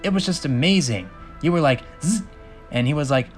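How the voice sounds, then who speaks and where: A man voicing an excitable little male dragonfly sidekick who talks a mile a minute. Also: on the high side, soft background music. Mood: excited. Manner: fast, excitable chatter.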